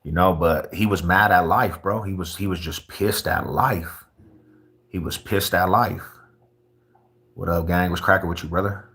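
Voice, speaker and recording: A man's voice: low voice, fairly even intonation, normal speed, a bit bright, breathy edge. A young man from Colorado chatting casually with viewers on a livestream, laid-back and full of street slang. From Colorado, USA.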